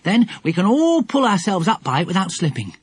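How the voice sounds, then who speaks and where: A man voicing a sensible, practical schoolboy in an audiobook, steady and matter-of-fact. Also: sits high, fairly quick, breathy edge, dry recording, pitched above the performer's own voice, heavily acted. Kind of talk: audiobook character voice.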